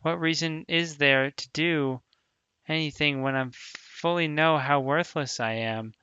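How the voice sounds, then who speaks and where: Sayori, a quietly sad schoolgirl read by a man. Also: a little high, measured pace, smooth, no room sound, lo-fi sound. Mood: subdued. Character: teenage girl, cheerful on the surface, hiding deep depression. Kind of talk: reading a visual novel aloud.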